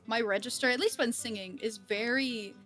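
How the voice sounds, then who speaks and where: A woman's voice: on the high side, moderate pace, fairly bright tone, faint music behind. A woman guesting on a livestreamed talk show, chatting casually, with hesitant restarts and fillers. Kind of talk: casual chat.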